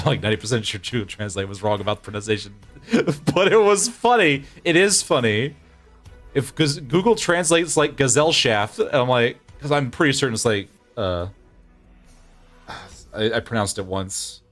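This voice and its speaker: A streamer in his thirties chats casually with viewers while playing a game, rambling, often restarting sentences and laughing a lot. His mid-range voice is sing-song and a bit bright, at normal speed. Soft music plays in the background.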